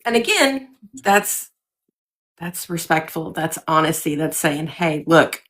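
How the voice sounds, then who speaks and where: A woman in her forties hosts a relaxed interview and backs up her guest with encouraging remarks. Her voice sits a little low for a woman, and she talks in an easy, conversational way. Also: measured pace. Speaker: podcast host. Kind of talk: casual interview chat.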